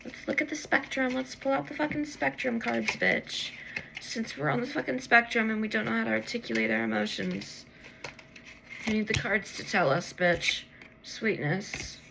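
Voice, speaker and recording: A woman's voice: a little high, moderate pace, creaky, noisy background. Tired, swearing woman pulling tarot cards. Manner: rambling, swears freely, talks to herself. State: tired, yawning. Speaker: tarot reader. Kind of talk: late-night casual tarot vlog.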